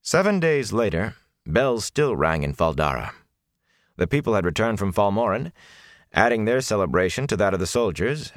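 A man narrating a fantasy audiobook in a steady, even way. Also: fairly low pitch, no echo, studio quality.

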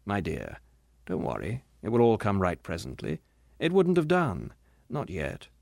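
A man doing a calm, gentle spirit brother. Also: low voice, measured pace, gravelly, no room sound, clean studio sound, full character voice. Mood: gentle, soothing. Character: patient, gentle bright spirit, the ghost's brother. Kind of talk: audiobook character reading.

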